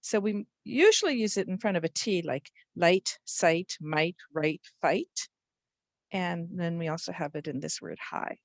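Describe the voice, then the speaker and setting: A woman's voice: fairly low pitch, unhurried, no echo. A woman teaching a spelling lesson to young children, patiently sounding out letters and words.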